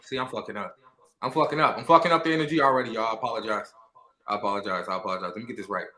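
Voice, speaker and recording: Male podcast host, quick and forceful delivery, casual slangy banter, keeps it loose. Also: fairly low pitch, reverberant. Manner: loose, joking, apologetic asides, slangy. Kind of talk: casual livestream podcast chat.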